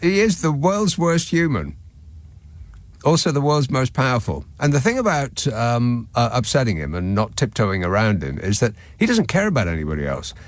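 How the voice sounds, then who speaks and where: Very animated, with a mid-range voice at normal speed, a male radio host reads listener messages and comments on them with sardonic chuckles in a late-night phone-in monologue. The studio microphone recording has no echo.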